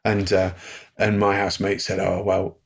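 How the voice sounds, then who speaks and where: A man's voice: low-pitched, completely flat delivery, normal speed, creaky, slightly rough. A middle-aged man, telling a story as a podcast guest and chuckling through it while acting out the voices of the people in it. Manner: chuckles through anecdotes, acts out quoted voices. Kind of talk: storytelling in conversation.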